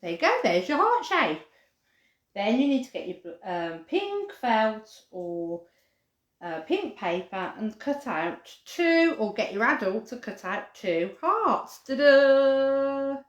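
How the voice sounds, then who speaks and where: A woman's voice: medium pitch, takes it slowly, echoey room. A woman presenting a live craft lesson for children, chatty and cheerful, now and then barking like a dog for fun. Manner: chatty, animated, says dog barks playfully.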